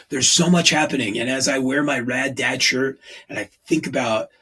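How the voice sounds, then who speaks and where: A man's voice: medium pitch, fairly bright tone, husky, rough recording. A man in his forties hosting a podcast, talking in an earnest, rambling way. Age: 40s. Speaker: podcast host. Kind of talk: casual podcast monologue.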